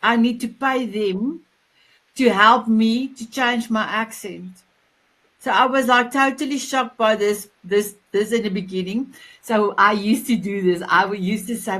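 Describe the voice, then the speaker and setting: A woman hosting an interview, speaking English with a South African accent, effusive and quick to repeat her praise. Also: medium pitch, a bit bright, rough recording. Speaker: host. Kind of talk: casual interview chat.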